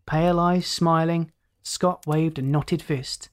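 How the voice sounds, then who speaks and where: A narrator reading a story aloud in a calm, measured way. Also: medium pitch. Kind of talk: audiobook reading.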